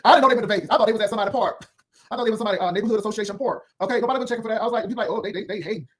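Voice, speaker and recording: A man with a notably high voice rattles off sassy, cutting commentary at a breakneck clip. He rambles from one put-down to the next as he hosts his own video. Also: rapid-fire, a bit bright. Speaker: YouTube commentary host. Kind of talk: unscripted drama commentary.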